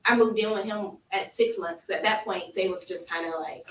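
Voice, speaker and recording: Animated woman storyteller, distant echoey mic. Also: medium pitch, fairly quick. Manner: animated, laughing often, acts out quoted voices. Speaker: guest. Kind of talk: storytelling on a podcast.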